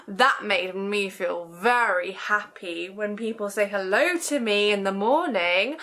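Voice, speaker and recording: Lady doing kids rhyme time at the library, slow gentle sing-songy, kinda bright and high. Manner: gentle, sing-song, talks to small children with gasps and whispers. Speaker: children's librarian. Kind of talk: toddler rhyme-time session. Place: library, indoors.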